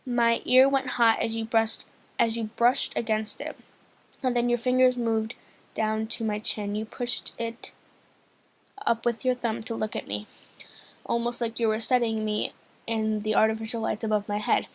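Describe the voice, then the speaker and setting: With a flat, moderately paced delivery in a voice on the high side, this audiobook reader and channel host works through a novel casually. She hesitates a lot, trips over lines and starts them again, filling gaps as she goes.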